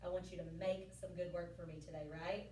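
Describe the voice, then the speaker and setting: A woman teacher giving a lively science lesson to children in a classroom, often checking with them. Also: lowish voice, fast. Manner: lively, playful, asks frequent check questions. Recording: echoey classroom from far off, faint room noise.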